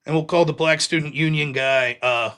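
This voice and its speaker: A man's voice: on the high side, fairly even intonation, normal speed, a bit bright, smooth. A man hosting a live stream, telling a long, rambling anecdote in casual, profane chat full of fillers. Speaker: host of a live streaming show. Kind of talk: casual storytelling monologue.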